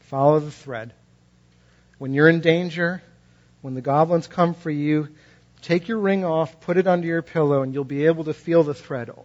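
A man voicing a wise, protective fairy grandmother from an old fairy tale, speaking in a calm, reassuring, instructive way. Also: fairly high pitch, moderate pace, dull audio, close to an everyday voice.

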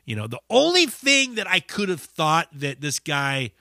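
Brief: male podcast host, swears freely while telling a story, very bright voice, dry close sound. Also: fairly high pitch, measured pace, vocal fry, dry recording. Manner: profane, animated storyteller. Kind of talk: casual storytelling monologue.

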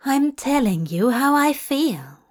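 A woman's voice: high voice, sing-song, takes it slowly, pitched above the performer's own voice, full character voice. A woman voicing an earnest, fussy, bookish male angel who declaims love poetry in a fanfiction audiobook reading.

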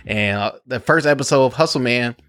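A man hosting a casual podcast chat, slangy and animated with easy laughter. His mid voice is recorded close and dry. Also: mid-range voice, fairly quick, no room sound. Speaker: podcast host.

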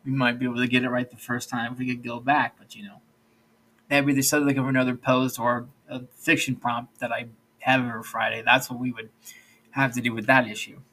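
Husky man hosting a rambling podcast. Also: mid-range voice, flat delivery, fairly quick, pushed and bright, poor audio. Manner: rambling, loose, with many restarts and "all right, so". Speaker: podcast host. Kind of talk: solo podcast monologue.

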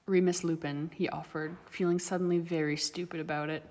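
A woman reading a story aloud as narrator, steady and even. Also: fairly low pitch, a little fast. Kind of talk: audiobook reading of fan fiction. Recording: long reverb.

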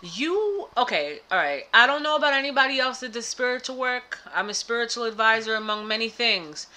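A woman with a bright, high-set voice chats casually on a spiritual podcast. She is animated and breaks into loud laughing bursts now and then. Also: brisk. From United States. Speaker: podcast co-host and spiritual advisor. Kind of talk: casual chat.

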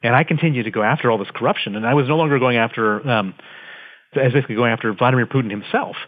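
A man's voice: mid-range voice, rapid-fire. A man, an interview guest, telling his story vividly and dramatically from his office over the phone. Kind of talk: conversational storytelling. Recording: tinny phone line.

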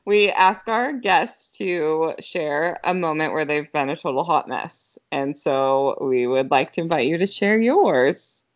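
A woman's voice: sits low, expressive, unhurried, hardly any pauses. A woman hosting a podcast, asking her guest to share a story in a friendly way. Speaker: podcast host. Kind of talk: casual interview. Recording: muffled lo-fi recording.

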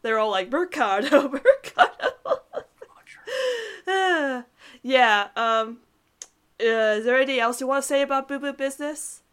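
A woman's voice: high voice, fairly even intonation, fairly quick, a bit bright, clear, resonant tone. A woman co-hosting a podcast in casual chat, chatty and giggly, trailing off with filler words. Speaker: podcast co-host reviewing cartoon episodes.

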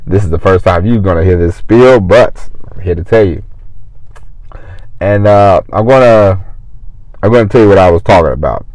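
A man's voice: low-pitched, moderate pace, pauses often, a little mellow, dry recording, rough recording. A man hosting his own podcast, talking casually and rambling with frequent restarts from his car in a parking lot. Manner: chatty, rambling, self-interrupting, folksy. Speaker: podcast host. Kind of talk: casual solo podcast monologue.

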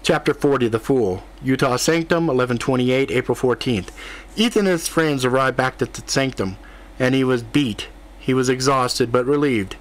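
A male narrator reads a fantasy novel aloud at an even, steady pace. His voice sits right in the middle of the usual male pitch range, neither deep nor high. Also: moderate pace. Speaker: audiobook narrator. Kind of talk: scripted audiobook narration.

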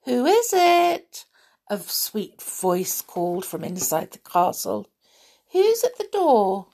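Sweet, lilting storybook princess, young and gentle, as a woman reader puts her on. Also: wildly swooping pitch, slow, gravelly, heavily acted. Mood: curious. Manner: high, sweet and eager.

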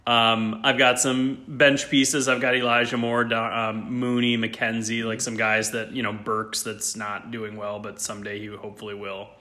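A man's voice: fairly low pitch, little pitch movement, normal speed, hardly any pauses, pushed and bright. A man co-hosting a podcast in casual chat, upbeat and eager, stopping and restarting as he talks. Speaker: podcast co-host.

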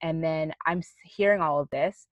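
Low-voiced woman telling a story. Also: moderate pace, no echo. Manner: animated storyteller who swears casually. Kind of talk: casual chat. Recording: dull, dry sound.

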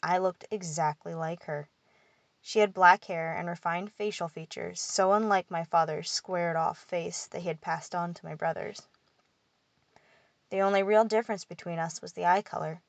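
A woman narrating a first-person fantasy audiobook at a measured, steady pace. Her voice sits on the lower side, recorded close on a studio mic. There is no room echo at all. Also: gravelly.

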